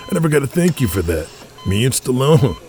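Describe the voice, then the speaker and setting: A man's voice: medium pitch, sing-song, a little fast, darkish tone, soft background music, natural voice. A man voicing a laid-back young male wrestling star who talks in casual slang. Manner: casual, surfer-like slang, calls people buddy.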